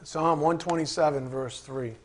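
A man pastor preaching in a loose, conversational way, full of fillers and asides. His voice sits a bit higher than most men's, and he breaks off into heated, animated rants. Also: normal speed. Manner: rambling, informal, flares into animated rants. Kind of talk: conversational sermon.

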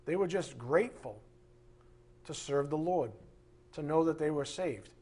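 Husky, higher-pitched middle-aged male preacher; emphatic and rhetorical, swinging loud to soft. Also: a little slow. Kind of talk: sermon.

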